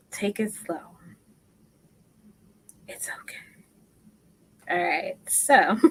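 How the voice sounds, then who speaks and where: A woman's voice: mid-range voice, fairly bright tone, poor audio. A woman teaching crochet on a casual livestream, chatting and murmuring stitch counts under her breath. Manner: slow, chatty, self-deprecating, often drops to murmurs while counting stitches. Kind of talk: casual live tutorial.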